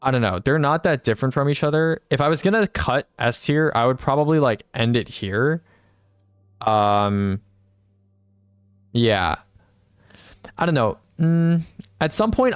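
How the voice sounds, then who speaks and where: Smooth-voiced young man rambling through a tier list. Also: mid-range voice, no room sound. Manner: rambling, thinks aloud, reads chat replies. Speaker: streamer. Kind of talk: casual live-stream gaming commentary.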